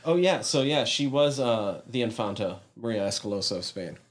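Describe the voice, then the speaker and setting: A man co-hosting a podcast in casual chat, relaxed, laughing often and pausing with fillers. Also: medium pitch. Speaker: podcast co-host.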